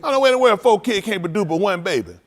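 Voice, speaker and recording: A man giving loose, animated commentary at a livestreamed service, laughing often. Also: sits high, fast. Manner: animated, laughing, preachy street talk. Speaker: preacher.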